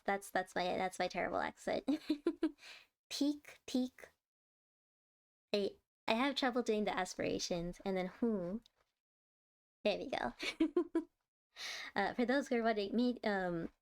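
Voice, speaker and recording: A woman with an American accent chatting casually on a livestream, reading chat aloud and laughing often. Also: mid-range voice. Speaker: streamer.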